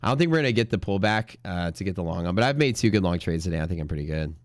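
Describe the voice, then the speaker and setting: Trader host, low voice, dry close sound, jokey, then pitches his classes. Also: expressive, rapid-fire, no room sound. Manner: joking, laughs at his own jokes. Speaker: day trading stream host. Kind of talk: casual live-stream chat.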